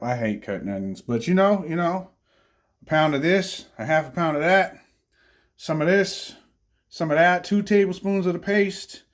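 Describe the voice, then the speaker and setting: A man with a slightly high voice talks his way through cooking in his home kitchen. He rambles, swears freely and throws joking asides at the camera. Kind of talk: casual cooking vlog.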